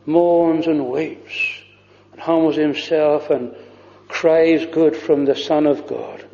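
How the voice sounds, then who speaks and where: A man's voice: on the high side, dark tone, big-room sound, muffled recording. A man preaching a fervent, old-fashioned sermon, weaving hymn lines into his words. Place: church.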